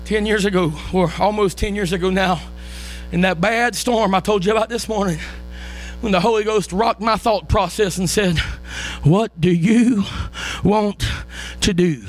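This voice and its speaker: A man preaching a sermon, building from calm storytelling to impassioned shouting. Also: high voice, normal speed, soft background music. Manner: impassioned, rises to shouting and crying out.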